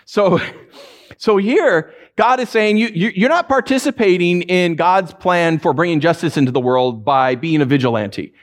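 Animated, lively-voiced man preaching. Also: normal speed. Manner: animated preacher, jumps to high emphatic peaks and drops to low quiet stresses; conversational, restarts phrases often. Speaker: pastor. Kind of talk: livestreamed sermon.

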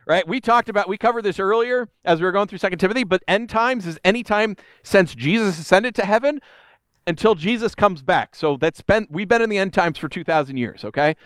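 Man, high-pitched, casual animated preacher, dry close sound. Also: a little fast, no room sound. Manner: animated storytelling, voices quotes. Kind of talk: conversational sermon.

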